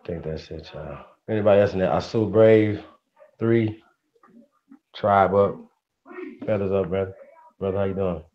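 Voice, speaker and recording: A man's voice: deep voice, steady tone, normal speed, pauses often. A man hosting a casual livestream, greeting viewers by name in a slangy, upbeat way. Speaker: livestream host. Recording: dull lo-fi stream audio with faint noise.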